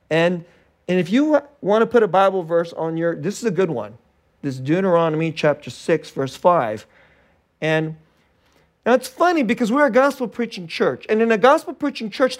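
Pastor, middle-aged man, high voice, chatty sermon delivery with restarts and light chuckles. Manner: conversational, repeats words and restarts, chuckles often.

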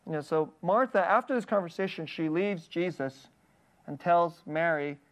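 A preacher giving a sermon, reading scripture aloud and explaining it in an earnest manner, often sinking to a soft, hushed voice. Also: mid-range voice, expressive, moderate pace.

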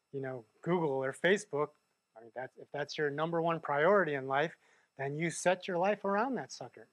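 A man's voice: fairly high pitch, fairly bright tone, no room sound. A man preaching a sermon in a conversational way, often checking in with the listeners. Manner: conversational, keeps asking "right?". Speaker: pastor.

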